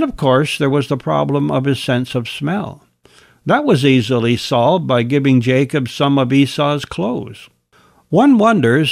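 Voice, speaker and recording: A man narrates a Bible lesson and comments wryly on the scripture he reads. His voice has some gravel and moves through a wide pitch range. The sound is close and dry. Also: no echo. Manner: wry asides between scripture readings. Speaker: Bible teacher.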